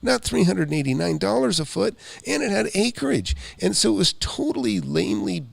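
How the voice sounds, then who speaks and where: A middle-aged man, a real estate investor hosting a live show, telling a story in an animated, rambling way with quick asides. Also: sits high, gravelly, dry recording, clean studio sound.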